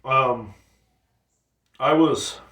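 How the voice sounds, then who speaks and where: A man's voice: medium pitch, extremely slow, bright, forceful tone, roomy sound, distant mic. A man in his thirties hosting a casual solo podcast, rambling and blunt, with lots of swearing. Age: 30s. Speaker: podcast host.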